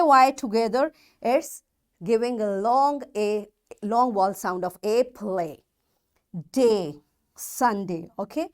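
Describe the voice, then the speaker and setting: A woman with a Pakistani English accent teaching a recorded phonics lesson to children, patiently repeating example words and checking that they follow. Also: on the high side.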